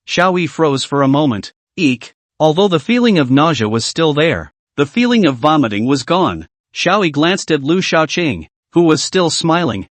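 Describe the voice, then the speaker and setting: A man narrating a fantasy story in a scripted recap, reading in a brisk, animated way. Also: a little high, no room sound.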